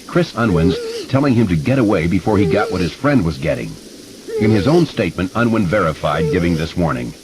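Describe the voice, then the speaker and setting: A man giving expressive, measured narration of a horror audiobook. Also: deep voice, noisy background. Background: music.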